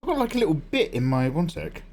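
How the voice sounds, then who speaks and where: A man's voice: on the high side, sing-song, fast, darkish tone. A young man hosting a drawing livestream, chatting casually and rambling between jokes. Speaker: livestream artist host.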